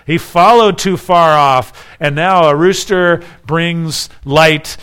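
A male preacher with a fairly high voice delivers an expository sermon. He acts out the quoted lines with raised emphasis and drops into quiet asides. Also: takes it slowly, clean tone. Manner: shifts between soft asides and raised emphasis. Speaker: pastor.

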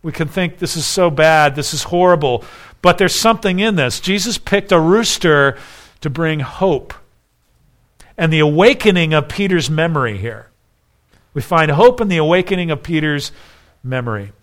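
A man preaching a sermon, explaining a scripture passage and acting out the quoted lines, dropping to soft asides and rising for emphasis. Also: on the high side, lively intonation, moderate pace. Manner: expository preaching with dramatized quotes; shifts between soft asides and raised emphasis. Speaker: pastor.

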